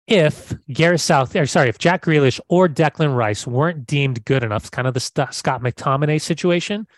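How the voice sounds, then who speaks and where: A man's voice: on the high side, normal speed, no echo. A man co-hosting a casual football podcast, brash and emphatic, swearing casually. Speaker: podcast co-host.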